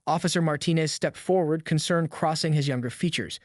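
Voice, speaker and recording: A man narrating a scripted story in an even, descriptive way. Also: a little high, fairly quick, hardly any pauses, no echo, clean studio sound.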